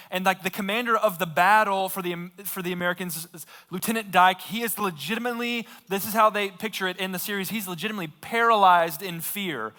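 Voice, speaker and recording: A male pastor with a high-pitched, pushed, bright voice preaches in a church sanctuary. He retells a story casually, leaning on lots of fillers, and the large hall adds a long reverb.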